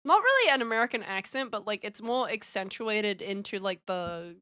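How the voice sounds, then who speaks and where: Bright, giggly Australian young woman. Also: mid-range voice, lively intonation, normal speed, dry recording, studio quality. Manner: giggly, teasing. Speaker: stream host. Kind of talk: casual chat.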